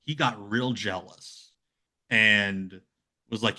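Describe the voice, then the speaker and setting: A man chatting casually as a podcast guest, rambling and slipping into lively impressions of other people. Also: lowish voice, normal speed. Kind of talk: casual chat.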